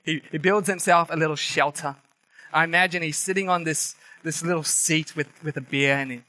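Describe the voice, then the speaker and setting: A man preaching a sermon, telling the story in a lively, animated way and acting out quoted voices. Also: on the high side, dry recording, rough recording.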